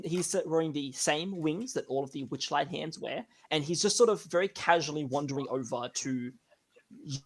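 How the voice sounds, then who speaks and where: A man running a tabletop game as game master, rambling with restarts. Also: on the high side. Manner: rambling, many fillers and restarts.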